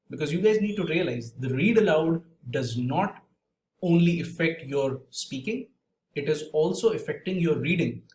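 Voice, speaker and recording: A man working as an exam trainer, giving an explanatory lesson with many fillers and restarts. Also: a little high. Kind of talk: instructional talk to camera. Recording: roomy echo, faint background hiss.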